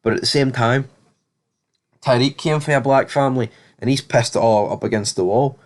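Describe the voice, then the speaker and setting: A man's voice: medium pitch, normal speed. A man hosting a casual TV episode review, rambling and blunt with lots of fillers. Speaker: TV review host.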